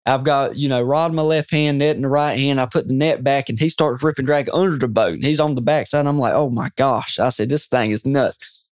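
A man, a guest telling an excited fishing story in an interview, quoting himself often. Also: medium pitch, fairly quick, clean tone, no echo, studio quality. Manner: excited, animated storyteller who quotes himself a lot. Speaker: guest angler.

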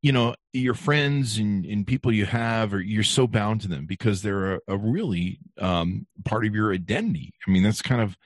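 A man in his fifties hosting a podcast, chatting casually with a guest, halting and repeating words as he thinks. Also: on the low side, no echo, studio quality. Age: 50s. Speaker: podcast host. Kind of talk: casual interview chat.

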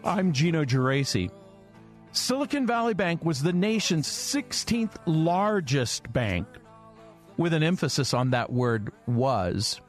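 A man's voice: on the high side, big pitch swings, slow, faint music behind. A man hosting a radio show, reading scripted introductions in an announcer's delivery. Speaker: radio host.

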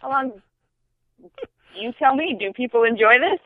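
A podcast co-host making dry, deadpan quips in casual chat, heard over a tinny phone-like line. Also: high voice, normal speed, dry recording.

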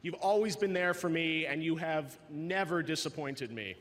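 A man with a fairly high voice delivers an earnest stage speech, introducing an honoree with rising ceremony. The sound carries the long reverb of a big hall. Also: normal speed, a bit bright. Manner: earnest, building to a big announcement. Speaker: awards show host. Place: large event hall. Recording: reverberant event hall recording.

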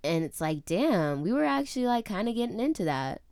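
A woman's voice: medium pitch, sing-song, a little fast, darkish tone, clean tone, dry recording. A young woman co-hosting a podcast in casual chat, swearing freely and padding her talk with fillers. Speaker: podcast co-host.

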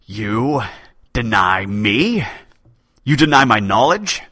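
A man voicing an aging, hot-tempered male chief poet with a thin, raspy voice, booming and imperious. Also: expressive, slow, pushed and bright, dry recording, studio quality, exaggerated voice. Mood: furious.

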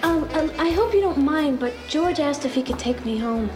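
An actress playing Lorraine, a sweet and smitten teenage girl with a soft, dreamy way of talking, in a film scene. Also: high-pitched, lively intonation, normal speed. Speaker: film character. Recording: film clip with music underneath.

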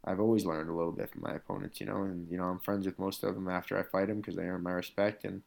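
Talking fast in a deep, creaky voice with flat delivery, this professional fighter is a guest in an interview. He recounts career stories in a loose, rambling, conversational way, peppered with "like" and "you know".

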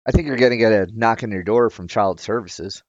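A man chatting casually as a podcast co-host, teasing the others with quick quips. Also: on the low side, no room sound, highs cut off. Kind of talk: casual chat.

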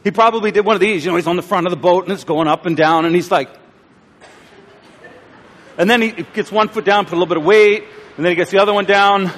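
A pastor giving a sermon, telling a story and acting out its scenes with voices and asides to the crowd. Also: male voice, high voice, fast, pauses often, fairly bright tone. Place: church auditorium. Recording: live church recording with long hall reverb.

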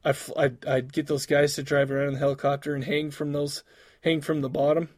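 A man's voice: fairly high pitch, flat delivery, brisk, darkish tone. A man co-hosting a casual podcast chat, talking in rambling bursts with lots of restarts and laughs. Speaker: podcast co-host.

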